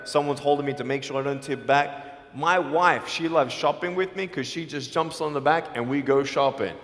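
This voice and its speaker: A man giving a motivational speech to a live audience in a large school hall, emphatic and swinging from hushed to shouting. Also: a little high, normal speed. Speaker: motivational speaker. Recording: echoey hall, faint music behind.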